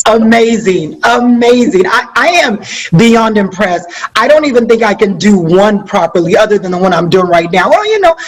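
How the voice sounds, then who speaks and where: A woman hosting an interview, asking quick, eager questions in a casual tone. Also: mid-range voice, animated, low-quality recording. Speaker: interview host.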